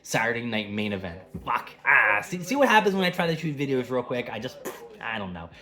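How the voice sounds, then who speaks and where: Man vlogger recapping wrestling: loose, profane, off the cuff, average pitch. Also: big pitch swings, fairly quick, bright, forceful tone. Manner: rambling, profane, conversational.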